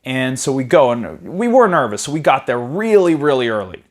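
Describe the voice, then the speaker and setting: This man teaches property investing and tells his own story casually, his mid-range voice swinging widely in pitch. He keeps dropping in "you know," restarts himself quickly, and perks up while recounting conversations.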